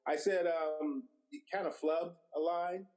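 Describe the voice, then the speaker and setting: A man's voice: a little high, unhurried, low-quality recording. A middle-aged man, a guest director, telling stories in an interview and acting out quoted dialogue. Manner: animated storyteller who acts out quoted dialogue. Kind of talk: anecdotal storytelling interview.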